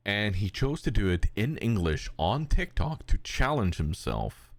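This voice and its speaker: A man co-hosting a podcast in casual, rambling chat, animated and given to quick put-on voices when quoting. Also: dry recording. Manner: rambling and animated, slips into high cute voices for quotes. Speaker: podcast co-host.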